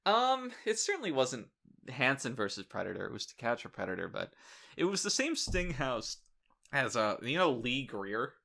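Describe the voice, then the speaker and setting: A man hosting a casual podcast chat, telling animated stories with crude, irreverent humor. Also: mid-range voice, normal speed, gravelly. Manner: animated storyteller, acting out quoted people. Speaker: podcast host.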